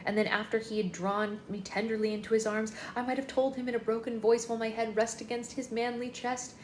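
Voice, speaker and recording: A woman's voice: on the high side, level tone, brisk. A woman hosting a book club livestream, reading a novel aloud in a chatty first-person narrating manner, indoors. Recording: echoey room with faint noise.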